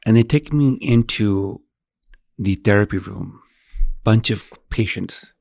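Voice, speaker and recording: Man, 30s, podcast guest, emotional storytelling, low voice, dry sound. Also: slow, gravelly, no echo. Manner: animated, acts out dialogue, swears freely.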